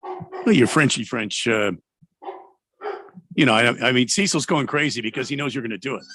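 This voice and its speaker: A man co-hosting sports talk radio, rambling and hesitating with many pauses. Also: mid-range voice, bright, forceful tone, dry recording. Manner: rambling, hesitant, full of uh's. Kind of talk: casual sports talk banter.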